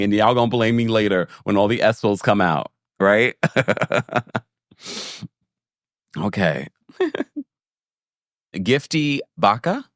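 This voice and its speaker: A man with a somewhat low voice, heard in studio quality with no room sound, is animated and laughing on a casual livestream. He recaps a reality show, reads viewer comments aloud, and speaks directly to his audience.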